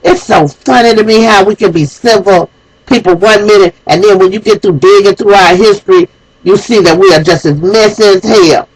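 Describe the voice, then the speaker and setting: A woman's voice: mid-range voice, normal speed, low-quality recording. A woman hosting her own show, delivering an emotional, preachy monologue straight to her viewers. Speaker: host. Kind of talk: impassioned spoken monologue.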